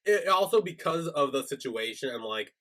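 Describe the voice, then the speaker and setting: A man's voice: medium pitch, animated, moderate pace, sharp tone. A man co-hosting a podcast, chatting casually as he retells a show's episode and acts out the characters' lines. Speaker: podcast co-host. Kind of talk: casual recap chat.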